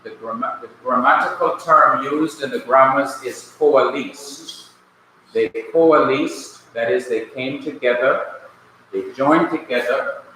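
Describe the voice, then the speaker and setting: A man from Jamaica teaching a Hebrew grammar class, explaining slowly and deliberately in a classroom. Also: medium pitch, bright, forceful tone. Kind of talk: classroom lecture. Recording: very echoey room, faint hum.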